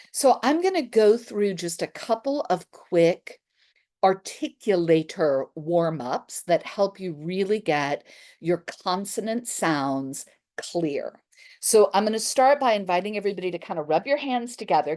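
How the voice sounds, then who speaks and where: Brief: female drama teacher, upbeat workshop leader, exaggerated consonant drills, call and response. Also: on the low side. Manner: energetic, exaggerated articulation drills. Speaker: theatre teacher leading warm-ups.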